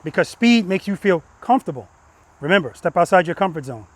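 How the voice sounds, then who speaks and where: A man with a notably high voice runs an outdoor motorcycle lesson among the cones. He talks emphatically, repeats cue words in a steady rhythm, and checks in with a quick "right?" after each point. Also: no room sound. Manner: peppers instructions with "right?". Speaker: motorcycle riding instructor. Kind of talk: hands-on coaching in a riding lesson. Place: outdoor practice lot with cones.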